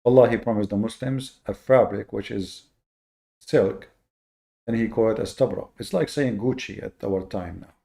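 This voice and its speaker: Fillers and repeated words trip up this male host as he gives a lecture-style monologue. His fairly low, gravelly voice has a dark, mellow tone, and he leans on important words with slow, deliberate weight.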